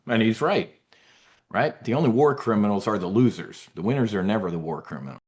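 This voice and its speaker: A man's voice: lowish voice, animated, a little fast, darkish tone. A man hosting a members' briefing, ranting about politics in a combative, profane way and mocking opponents in put-on voices. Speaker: trading newsletter host.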